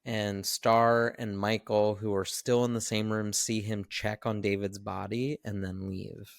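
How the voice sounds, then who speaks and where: A man co-hosting a podcast, recapping a film in animated casual chat and swearing freely. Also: lowish voice, a little slow, no echo, clean studio sound. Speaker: podcast co-host.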